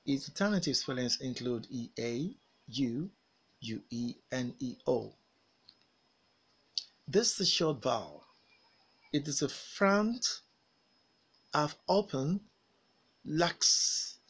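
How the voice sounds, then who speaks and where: A man teaching a pronunciation lesson, saying vowel sounds and model words with careful, drawn-out articulation and pausing for learners to repeat after him. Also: medium pitch, big pitch swings, fairly bright tone, breathy edge. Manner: over-articulated, drilled with pauses for repetition. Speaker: phonics teacher. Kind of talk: slow, deliberate pronunciation lesson.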